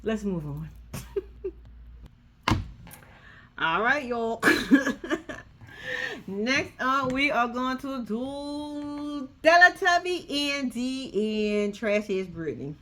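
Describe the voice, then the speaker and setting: Woman, high lively voice, sassy and profane, casual recap chatter, faint background noise. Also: drawn-out words, pauses often. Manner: sassy, profane, animated storytelling. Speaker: reality TV recap commentator.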